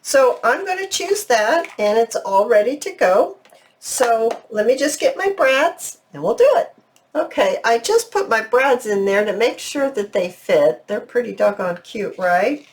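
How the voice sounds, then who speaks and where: Slow, chatty woman crafting. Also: fairly high pitch, big pitch swings, darkish tone, slight background noise. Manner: thinking aloud, chatty and unhurried. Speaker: crafting channel host. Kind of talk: casual craft tutorial narration.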